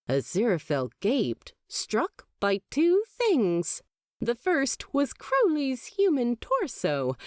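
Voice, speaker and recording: A woman narrating a fan fiction audiobook with expressive storytelling. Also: mid-range voice, no echo, clean studio sound. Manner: expressive storytelling, lively inflection.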